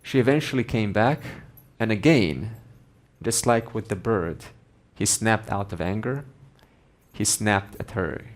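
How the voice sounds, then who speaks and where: A man teaching Vedanta, telling a story in a measured, gently emphatic way. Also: fairly low pitch. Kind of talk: storytelling in a spiritual lesson.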